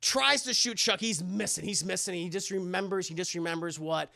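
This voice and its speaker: A man recapping a horror movie in a casual live stream, animated, rambling and profane. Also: high voice, brisk, gravelly, no room sound, clean studio sound.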